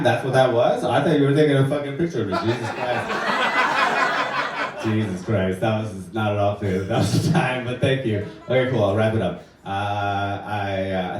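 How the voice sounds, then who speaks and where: A man doing a wry, offhand stand-up set in a basement comedy club. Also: lowish voice. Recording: echoey room from far off, noisy.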